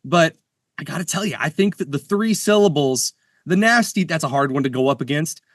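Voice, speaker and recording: A man's voice: fairly high pitch, animated, fairly quick, a bit bright, dry recording, clean studio sound. A man co-hosting a podcast in casual chat, playful and jokey, often restarting his sentences. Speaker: podcast co-host. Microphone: studio mic.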